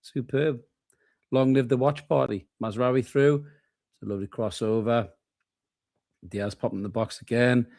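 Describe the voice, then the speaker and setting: A man's voice: medium pitch, steady tone, moderate pace, vocal fry, pauses often, a little mellow, dry recording, clean studio sound. A tired man co-hosting a late-night football watchalong, joking and swearing casually. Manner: laid-back, swearing, joking banter. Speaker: co-host of a football watchalong stream. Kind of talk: casual live match chat.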